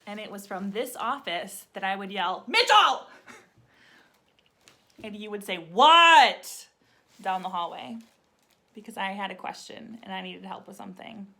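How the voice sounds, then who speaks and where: A woman's voice: medium pitch, steady tone, brisk, gravelly, fairly bright tone. A woman who works at a camp, fondly recalling memories in a casual tribute, laughing often as she talks. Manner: laughs often, chatty with many likes. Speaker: camp staff member giving a tribute. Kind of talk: casual heartfelt reminiscing.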